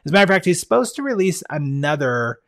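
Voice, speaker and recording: A man's voice: fairly high pitch, sing-song, quick pace, a bit bright. A man hosting a podcast on his own, talking casually and with enthusiasm, full of fillers and restarts as he tells stories. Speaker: podcast host. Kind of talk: casual solo podcast talk.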